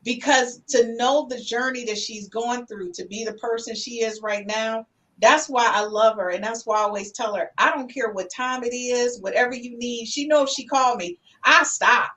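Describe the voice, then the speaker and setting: A middle-aged woman with a high voice hosts a casual podcast chat. She reads out viewer comments in a lively, slangy way and keeps calling people "honey". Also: moderate pace. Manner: lively, calls listeners "honey", Southern-style US slang.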